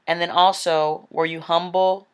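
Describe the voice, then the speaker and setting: A woman voicing an emotionless, businesslike male heavenly clerk who speaks in a flat, matter-of-fact way. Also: on the low side, unhurried, smooth, close to an everyday voice. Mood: stern.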